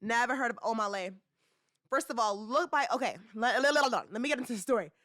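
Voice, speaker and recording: A young woman hosting a casual commentary podcast, talking in slangy, animated bursts full of rhetorical questions and teasing. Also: on the high side, fast talker, dry recording, studio quality. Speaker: podcast host.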